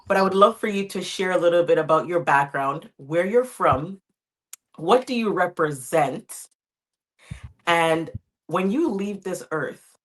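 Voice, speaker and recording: A woman hosting a podcast interview, upbeat and welcoming as she introduces her guest. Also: lowish voice. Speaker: podcast host.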